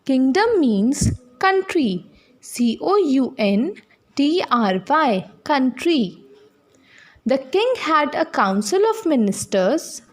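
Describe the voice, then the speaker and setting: A woman teacher reads a lesson aloud to young children in a high, lively voice. She goes slowly and deliberately, spelling out each new word letter by letter and explaining what it means. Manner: explains vocabulary to young students. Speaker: primary school teacher. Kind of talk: classroom reading lesson.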